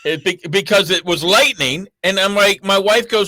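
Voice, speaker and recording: A man's voice: high-pitched, normal speed, bright, forceful tone, dry recording. A middle-aged man on a casual morning show, telling a long story and acting out both sides of phone calls.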